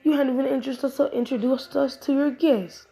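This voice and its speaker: Brief: woman playing a stern young wife, scolding, raised pitch, a little gravelly. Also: steady tone, brisk, mellow, faint music behind. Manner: scolding, firm. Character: two bossy young wives scolding their husbands.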